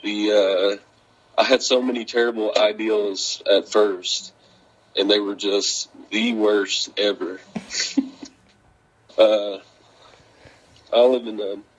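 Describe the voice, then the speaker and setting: A man's voice: on the low side, flat delivery, slow, pauses often, low-quality recording. A man telling rambling stories in a casual interview, laughing often, cursing and acting out what people said. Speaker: guest, wrestler.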